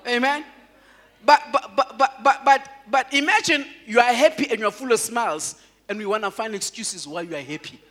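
A man, a pastor, preaching a sermon in an animated way, laughing often and calling out to his congregation. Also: very high-pitched, moderate pace, big-room sound.

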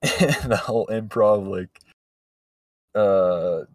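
A man's voice: on the low side, drawn-out words, darkish tone, no echo. A man co-hosting a podcast, telling a rambling story in casual chat, full of fillers. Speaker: podcast co-host. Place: podcast studio.

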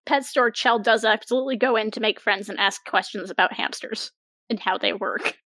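A woman playing a tabletop role-playing game, brash and joking, quick to swear. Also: mid-range voice, a bit bright, no room sound. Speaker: player.

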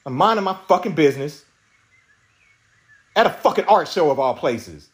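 Man, young adult, angry profane rant, podcast host, animated pitch. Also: moderate pace. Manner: profane, agitated storytelling with many restarts.

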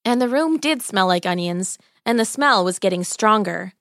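A woman's voice: mid-range voice, expressive, normal speed, few pauses, a bit bright, no echo, studio quality. A woman reading a fairy tale aloud in a light, playful storytelling manner. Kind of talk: scripted narration.

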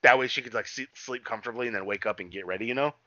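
Young man, casual rambling recap, lots of swearing, bright forceful tone, muffled sound. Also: medium pitch, racing, no echo. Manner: rambling, swears a lot, acts out scenes in quotes. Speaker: podcast co-host recapping a TV episode. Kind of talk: casual chat. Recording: muffled dry recording.

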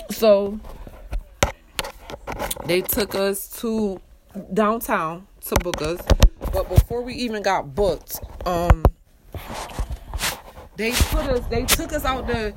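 Young woman, casual profane storyteller, faint hiss in the background. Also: mid-range voice. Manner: profane, animated retelling with quoted voices.

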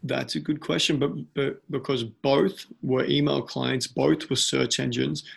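A man's voice: medium pitch, fairly even intonation, measured pace, creaky, slightly rough. A man in casual chat, often repeating words as he starts a thought.

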